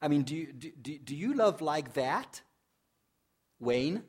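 A male pastor giving a sermon in a conversational way, asking the congregation questions, joking, and reading scripture dramatically, swelling loud and dropping soft. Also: fairly high pitch, animated, unhurried, slightly rough. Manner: conversational preaching with rhetorical questions and humor.

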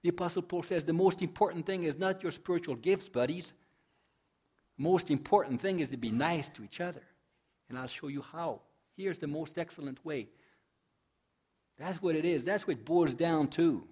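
A male pastor giving a sermon in a conversational way, asking the congregation questions, joking, and reading scripture dramatically, swelling loud and dropping soft. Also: fairly high pitch, moderate pace, husky. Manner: conversational preaching with rhetorical questions and humor.

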